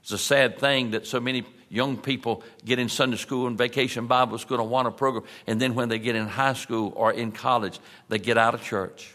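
A man preaching a sermon in a folksy manner, slowing down for emphasis and dropping soft on key points. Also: medium pitch, fairly even intonation. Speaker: pastor. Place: large church sanctuary. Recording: long reverb of a church hall.

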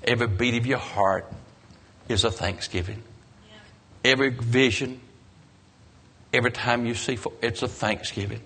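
A man preaching a sermon, telling the story dramatically with emphatic rises and soft, low endings. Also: steady tone, moderate pace, pauses often, husky.

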